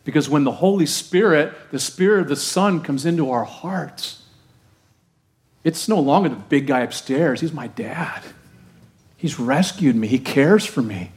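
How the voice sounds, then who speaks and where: A male pastor preaching a conversational, animated sermon, often asking the congregation questions. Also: on the high side, measured pace.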